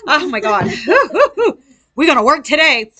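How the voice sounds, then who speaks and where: A woman's voice: fairly high pitch, lively intonation, fairly quick, bright, forceful tone. A woman tutoring nursing students in a casual review lesson, quizzing them and acting out patients.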